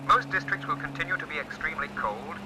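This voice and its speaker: A formal radio announcer reads the weather, played by a man in a measured, even manner. His voice sits a little high, and the old broadcast carries a steady hiss. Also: close to an everyday voice.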